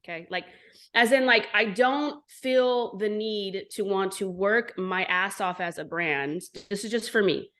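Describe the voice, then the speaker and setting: A woman in her forties, an entrepreneur guest telling her story in an interview, blunt and animated, with frequent swearing. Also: medium pitch, unhurried. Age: 40s.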